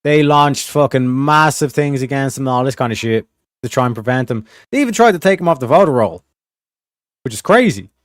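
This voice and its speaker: A man's voice: medium pitch, expressive, brisk, dry recording, clean studio sound. A man from California with a rural, Southern-tinged accent, rambling and swearing as he chats with his stream audience. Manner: profane, rambling, talks to chat. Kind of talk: casual livestream commentary.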